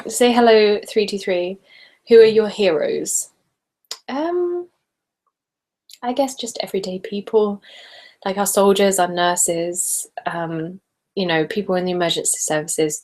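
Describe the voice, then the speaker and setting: A woman's voice: fairly low pitch, steady tone, moderate pace, a little mellow. Giggly woman chatting on a live stream. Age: late 20s. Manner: chatty and giggly, often laughing mid-sentence. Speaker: ASMR channel host. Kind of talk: casual live-stream chat reading viewer comments.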